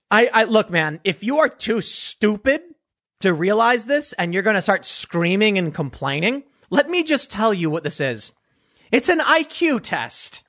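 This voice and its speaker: A man's voice: sits high, pushed and bright, breathy edge. A man giving an unscripted commentary monologue in a sarcastic, dismissive manner.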